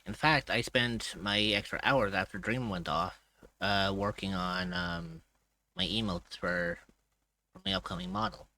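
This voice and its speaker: This man chats on a live stream, tired and groggy after very little sleep. He rambles from one thought to the next and swears offhandedly. His voice sits a little low, with a bright, forceful tone. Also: very animated, unhurried, vocal fry. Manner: rambling, loose, swears casually. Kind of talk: casual chat on a live stream.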